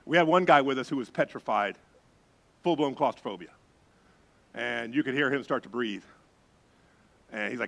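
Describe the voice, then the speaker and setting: A male pastor preaching a sermon, telling a story with lively turns and hushed, suspenseful drops. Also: a little high, fairly quick, pauses often.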